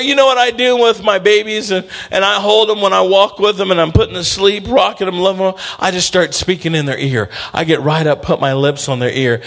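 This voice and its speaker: A man's voice: sits high, brisk, vocal fry, hardly any pauses, fairly bright tone. A man preaching a sermon in church, emphatic and calling on the congregation to respond. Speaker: pastor.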